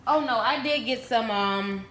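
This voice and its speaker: In a room at home, a woman talks to her camera about a shopping haul, growing excitable over the deals and addressing viewers as y'all. She speaks at a measured pace in a fairly high pitch, and the audio sounds roomy.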